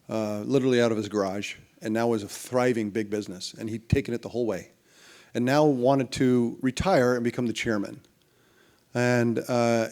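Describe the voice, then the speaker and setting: Middle-aged man telling animated business stories. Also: mid-range voice. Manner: animated anecdotes, acts out other people's lines; rambling, with restarts and fillers. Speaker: interview guest. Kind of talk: storytelling in a business interview.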